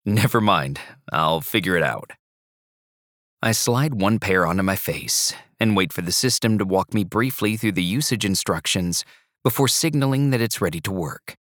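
Low-voiced male audiobook narrator. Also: lively intonation, moderate pace, fairly bright tone, no echo, clean studio sound. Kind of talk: first-person scripted narration.

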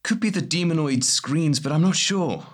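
A man voicing a cautious male warrior in an audiobook, speaking calmly and steadily. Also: a little high, normal speed, pitched above the performer's own voice. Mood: wary.

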